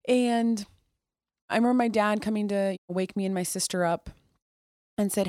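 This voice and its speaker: A woman guest on a podcast telling her personal story in a candid, conversational way, with restarts and moments where she drops soft and quiet. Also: mid-range voice, little pitch movement, normal speed, pauses often, no echo, clean studio sound. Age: adult. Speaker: podcast guest, Air Force officer.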